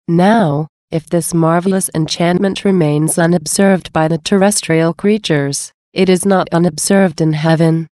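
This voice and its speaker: A woman reading a devotional text aloud in a measured, unhurried way. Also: fairly low pitch, mellow, no room sound, studio quality. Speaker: reader.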